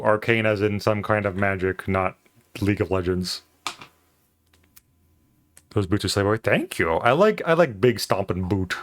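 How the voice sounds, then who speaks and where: A man streaming while he draws, chatting casually in a rambling, playful way with lots of fillers. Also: low voice.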